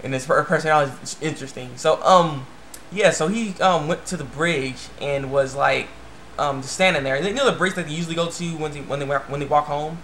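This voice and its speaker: A man's voice: on the high side, brisk, a bit bright, slight background noise. A young man casually recapping an anime episode, rambling with lots of fillers and "he's like". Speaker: anime reviewer.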